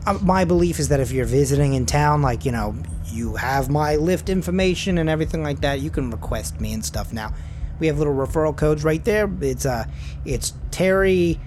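A man's voice: moderate pace, a little mellow, slight background noise, close to an everyday voice. A man doing a chatty, eager rideshare driver. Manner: rambling, filler-heavy sales pitch.

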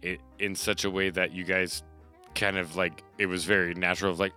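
A man narrating a tabletop game as game master, halting with many fillers. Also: low voice, little pitch movement, pushed and bright, soft background music.

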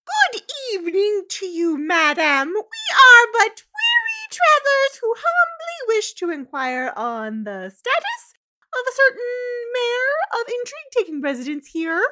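A woman voicing a prim, overly formal fancy pony in a grand, high-pitched manner. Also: wildly swooping pitch, a little slow, sharp tone, full character voice. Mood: pompous.

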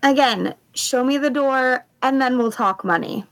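Higher-voiced woman player. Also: unhurried, no echo. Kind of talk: tabletop role-play.

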